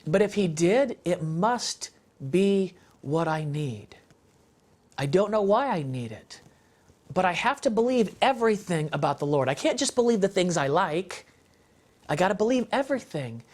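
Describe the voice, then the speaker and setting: A man's voice: high-pitched, sing-song, normal speed, a little mellow. A man speaking as an interview guest in an impassioned, emphatic, preacher-like way about faith and family.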